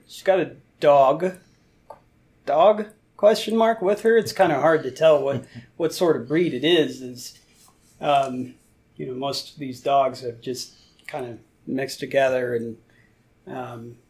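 A man's voice: mid-range voice, slow, darkish tone. A man narrating as game master, rambling with many fillers.

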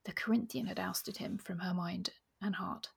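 A woman's voice: fairly low pitch, steady tone, normal speed, gravelly, husky. A woman reading passages from a novel aloud with expression, sometimes dropping almost to a whisper, and talking about the book.

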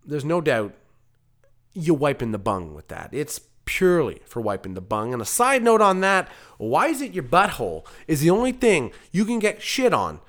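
A man's voice: a little high, huge pitch swings, normal speed, a bit bright. A man from Canada hosting his own comedy podcast alone, rambling through jokey digressions and interrupting himself. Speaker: podcast host and producer.

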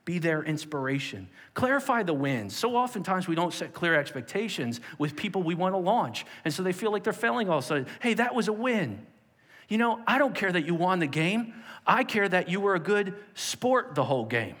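A man preaching with an emphatic sermon delivery, his voice sitting a little higher than most men's. He swings between forceful exhortation and hushed, quiet prayer. The sound carries a long reverb, as in a large hall. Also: big pitch swings, fairly quick. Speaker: pastor.

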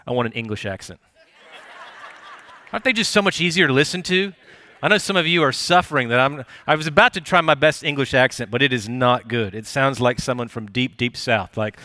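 Man pastor, live church sermon, bright forceful tone, dry close sound, chatty encouraging delivery. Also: medium pitch, dry recording. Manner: conversational, encouraging, many fillers and restarts. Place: church service.

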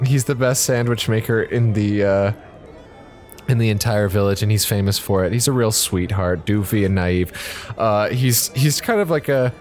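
A man's voice: lowish voice, normal speed, darkish tone, soft background music. A man running a tabletop game as game master, narrating in a laid-back, casual way.

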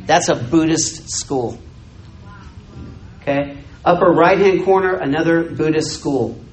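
A man's voice: a little high, a little slow, reverberant, soft background music, poor audio. An older man, a missionary preaching a sermon, telling a story and acting out the dialogue for his congregation. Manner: animated, acts out dialogue, jokes with audience.

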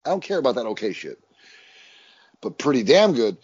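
A man co-hosting a casual movie podcast, talking in an animated, rambling way with frequent swearing. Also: mid-range voice, fairly quick, husky, muffled recording. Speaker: podcast co-host. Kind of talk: casual chat.

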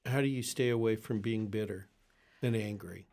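A man co-hosting a faith talk show who asks gentle, measured questions of the guest. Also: fairly low pitch.

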